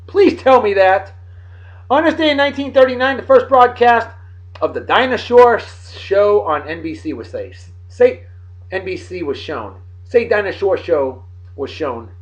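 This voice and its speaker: A man, giving casual, jokey and sarcastic commentary in a video blog, with big swings between loud and soft. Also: a little high. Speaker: video blogger. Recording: dull lo-fi recording.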